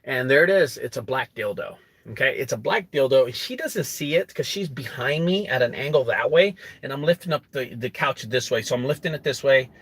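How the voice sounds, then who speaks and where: A young adult man who runs a junk removal business, telling a story to camera in an animated way and acting out quotes. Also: brisk, slightly rough, no room sound. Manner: animated, acts out quotes with rising pitch.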